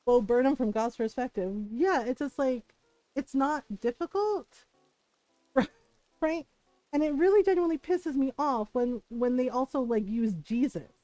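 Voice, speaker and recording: A woman's voice: sits high, expressive, unhurried, warm tone, no echo, faint music behind, poor audio. A woman in her thirties streaming live, venting bluntly with lots of swearing. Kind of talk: casual livestream chat.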